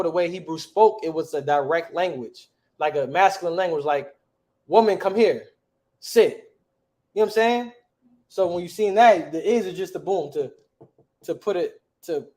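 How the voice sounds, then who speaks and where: A man's voice: sits high, darkish tone. A man teaching a class in a casual, slangy way, often checking with the students by asking "right?". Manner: slangy, conversational.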